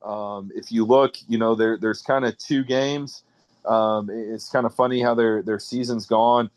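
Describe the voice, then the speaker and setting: A high school football coach with a low, even voice and a Midwestern American accent. He answers radio interview questions haltingly, full of fillers and restarts, on a dry, close mic. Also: dry recording.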